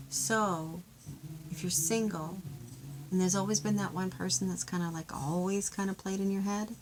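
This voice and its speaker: A woman gives a love reading from a card deck, talking in a gentle, chatty, heartfelt way. Her voice sits at an everyday middle pitch. A faint hiss runs under the recording. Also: measured pace, poor audio. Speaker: tarot card reader. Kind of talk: intuitive card reading to camera.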